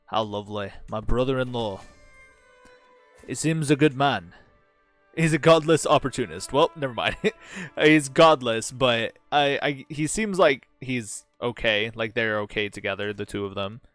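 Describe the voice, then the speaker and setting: A man talks through a strategy game in casual let's-play commentary, reading events aloud and tossing in profane, sarcastic asides. His voice sits at an everyday middle pitch and is recorded close and dry. Faint music plays underneath. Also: expressive, measured pace, a bit bright, dry recording. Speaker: gaming channel host.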